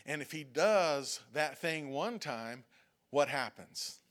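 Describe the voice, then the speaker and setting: Male pastor, slightly high voice, chatty sermon in church, keeps asking "okay?". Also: animated, slow pace, a bit bright. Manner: conversational preaching, frequent "okay?" checks, acted-out prayers and whining. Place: church sanctuary.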